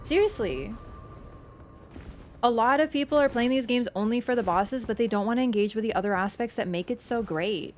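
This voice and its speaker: A young woman game streamer chatting casually with her viewers, telling stories in an animated, excitable way and swearing freely. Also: fairly quick. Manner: animated, excitable storytelling with sudden high squeals. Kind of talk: casual livestream chat. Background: background game music.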